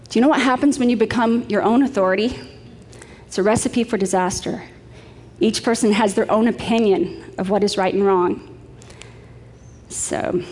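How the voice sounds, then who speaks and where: Middle-aged woman, sermon, chatty storytelling, medium pitch, long church-hall reverb. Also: a little mellow. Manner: storytelling, chatty with light laughs. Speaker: preacher.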